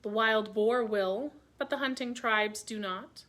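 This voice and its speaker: A woman reading a classic novel aloud for a library story hour, measured and clear, with small slips. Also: fairly high pitch, a bit bright.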